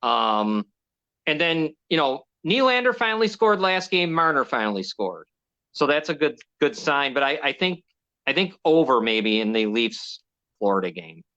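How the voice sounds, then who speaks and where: A man's voice: on the high side, sing-song, normal speed, sharp tone. A man hosting a casual sports show, rambling and hesitant, often restarting his sentences. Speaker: host. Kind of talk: casual sports betting chat. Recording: dull lo-fi sound.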